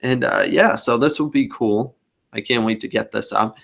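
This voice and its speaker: Man, podcast host on a video call, rambling casual talker with a gravelly voice. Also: mid-range voice, moderate pace, fairly bright tone. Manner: rambling, talkative.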